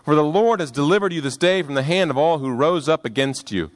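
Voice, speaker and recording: A man voicing an eager male messenger who announces news of a battle with bright excitement. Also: on the high side, brisk, no room sound, pitched above the performer's own voice, lightly acted.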